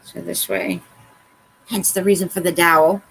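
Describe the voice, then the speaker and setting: This crafts tutorial host speaks in a fairly low, creaky, slightly rough voice, at a moderate pace with fairly even intonation. She keeps up casual chatter, talks to herself mid-task, and laughs at her own errors, all on a rough recording.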